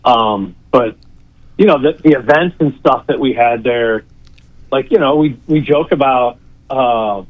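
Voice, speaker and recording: A man tells old stories from his years running a ballpark. He talks in halting bursts, restarting sentences and leaning on fillers. His voice is mid-pitched, and the sound is dull and lo-fi. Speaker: former ballpark executive. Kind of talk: reminiscing casual chat.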